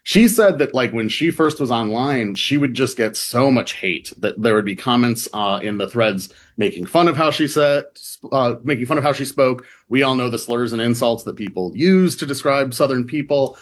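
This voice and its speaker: A man's voice: mid-range voice, moderate pace, hardly any pauses. A man from the Midwest, a reporter talking as a radio interview guest, chatty and full of fillers.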